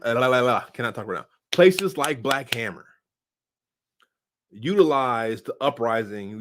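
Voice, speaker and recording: A man casually answering viewer comments in a loose, slangy, rambling way, full of fillers and sudden swings in loudness. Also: medium pitch. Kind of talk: casual unscripted political commentary.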